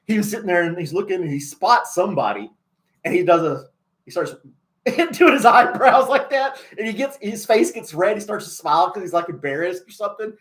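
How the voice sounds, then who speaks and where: Male host, casual and chatty, quick to laugh; slightly high voice. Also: expressive, fairly bright tone. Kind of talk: casual chat.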